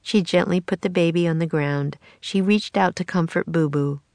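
Woman reading a kids book out loud, lowish voice, steady and expressive, dry sound. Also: moderate pace, no echo. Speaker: narrator. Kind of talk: children's storybook read-aloud.

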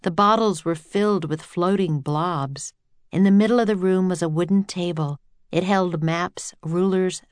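A woman narrating a children's adventure audiobook in a clear storytelling voice. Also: lowish voice, a little mellow, dry recording.

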